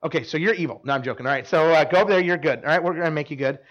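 A man preaching a sermon and bringing volunteers up for a demonstration, animated, repeating words and restarting lines, with quick asides to the crowd. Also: on the high side, dull audio.

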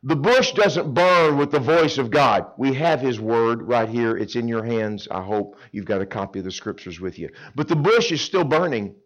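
A man's voice: mid-range voice, animated, moderate pace, hardly any pauses, rough recording. Dramatic male camp preacher. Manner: dramatic storytelling, acts out characters, swings between loud and hushed. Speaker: camp speaker. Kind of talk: animated sermon to teenagers.

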